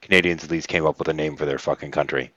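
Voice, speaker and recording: Very deep, wry, blunt man, dry recording, casual chat. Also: fairly even intonation, very fast, a bit bright, no echo, dull audio.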